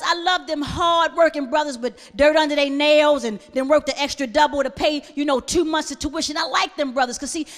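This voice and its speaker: A woman performing a stand-up comedy set on stage, talking straight to the crowd in a loud, animated way. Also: high-pitched, big-room sound. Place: comedy stage before a live audience. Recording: live crowd and room noise.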